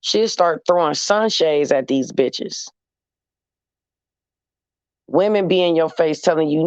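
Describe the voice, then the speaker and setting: A man's voice: fairly high pitch, takes it slowly, long pauses, clean tone, no echo. A man talking casually to camera in an emphatic, sassy, repetitive way, as in a vlog monologue. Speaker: vlogger. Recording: dull, dry lo-fi recording.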